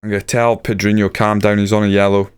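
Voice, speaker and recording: A man giving casual play-by-play commentary over a football management video game, muttering asides and getting excited at chances. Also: on the low side, fast, clear, resonant tone. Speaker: gaming YouTuber.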